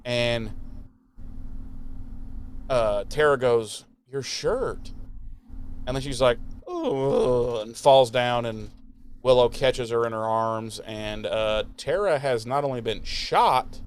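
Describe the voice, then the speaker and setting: A man's voice: mid-range voice, lively intonation, a little hiss or hum. A man co-hosting a podcast, giving a casual, profane, rambling recap of a TV episode and briefly mimicking the characters. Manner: profane, rambling recap with quick mock voices. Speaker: podcast co-host.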